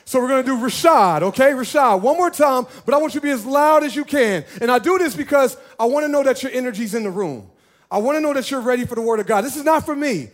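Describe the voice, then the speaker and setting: A man preaching as a pastor, animated and playful, talking directly to his church. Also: very high voice, fast. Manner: animated, playful, talks to the congregation. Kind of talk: lively sermon.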